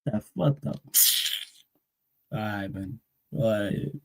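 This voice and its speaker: A man, hosting a football livestream, talking in a slangy, animated way and firing off rhetorical questions. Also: on the low side, slow pace, creaky. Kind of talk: casual live-stream rant.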